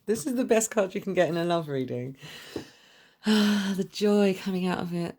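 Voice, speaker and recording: A woman's voice: medium pitch, animated, a little slow, a little mellow. A young woman reading tarot cards to camera in a chatty, gushing way, swearing freely. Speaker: tarot reader.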